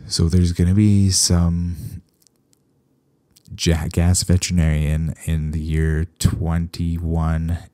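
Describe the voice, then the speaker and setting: A man from Canada, a veterinarian hosting a solo podcast, talking casually with animated, sarcastic asides. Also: deep voice, takes it slowly, no room sound.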